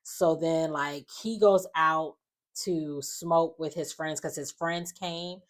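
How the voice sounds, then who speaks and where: A woman casually recapping a reality show, telling it in an animated, sassy way with slangy asides. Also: sits low, slow.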